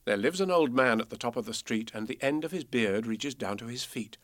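A man reading children's poems and a storybook aloud in a measured, expressive way. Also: medium pitch, soft background music. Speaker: narrator.

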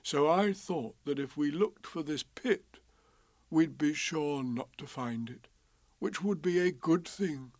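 A man voicing a slow, gentle, dreamy male bear in a storybook, speaking softly and ponderously. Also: fairly high pitch, dry recording, natural voice.

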